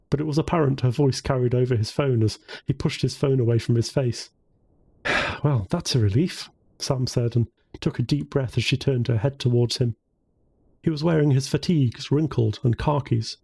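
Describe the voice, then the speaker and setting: A man reading a novel aloud as its narrator, in calm, measured scripted narration. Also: medium pitch, gravelly, no room sound. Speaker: audiobook narrator.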